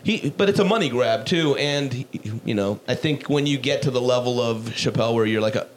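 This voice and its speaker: A man's voice: medium pitch, brisk, slight background noise. A man co-hosting a podcast, casually telling stories from comedy club work in a laid-back, swearing style.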